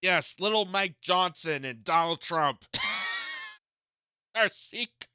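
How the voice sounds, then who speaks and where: Bright, lively young-sounding man ranting. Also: high-pitched, drawn-out words, long pauses, no echo. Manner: mocking, incredulous, laughs often. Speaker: political commentary host. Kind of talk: ranting reaction commentary.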